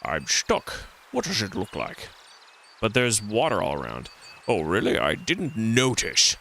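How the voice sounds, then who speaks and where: A man's voice: lowish voice, wildly swooping pitch, creaky, pushed and bright, a little hiss or hum, full character voice. A man voicing a stranded male howler monkey in a video game, whiny and sarcastic, dragging out his words dramatically. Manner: drawn-out, dramatic whining.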